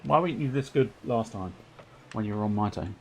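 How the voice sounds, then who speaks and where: A man giving excitable, self-mocking running commentary on his own gameplay while streaming, sometimes turned away from his microphone. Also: fairly low pitch, fairly quick, creaky, a little hiss or hum. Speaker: livestreamer. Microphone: desk microphone, sometimes turned away.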